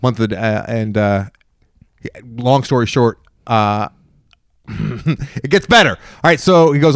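A man's voice: medium pitch, normal speed, clean tone, no echo. A man hosting a podcast, telling a long and rambling story in casual chat. He often restarts his sentences and briefly acts out the other people in it. His voice sounds dry and close, with little room sound. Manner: rambling, animated retelling with many restarts. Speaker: podcast host.

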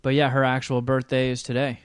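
A young man in casual chat with a friend, joking and throwing in quick interjections. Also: medium pitch, monotone, smooth, no room sound, studio quality.

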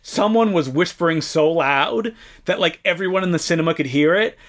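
A young adult man co-hosting a casual film podcast, telling a story with animated acted-out quotes. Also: fairly high pitch, normal speed. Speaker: podcast co-host.

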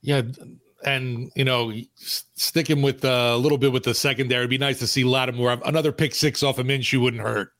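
A man's voice: mid-range voice, steady tone, brisk, a bit bright. A man co-hosting a sports podcast, easygoing and laughing along. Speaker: podcast co-host and sports director. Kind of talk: casual sports podcast chat.

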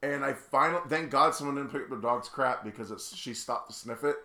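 A man's voice: mid-range voice, a little fast, echoey room, a little hiss or hum. A man co-hosting a podcast, telling casual stories animatedly and laughing along. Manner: animated, laughs through his own stories. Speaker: podcast co-host. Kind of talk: casual chat, storytelling.

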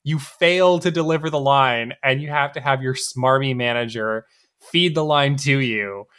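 Bright-voiced man in wry podcast chat. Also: medium pitch, normal speed, smooth. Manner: wry, sardonic commentary. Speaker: podcast co-host. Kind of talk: casual chat.

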